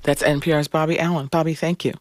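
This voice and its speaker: A woman hosting a radio news program, briskly asking a correspondent questions. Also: deep voice, level tone, a little mellow, dry recording. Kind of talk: news interview.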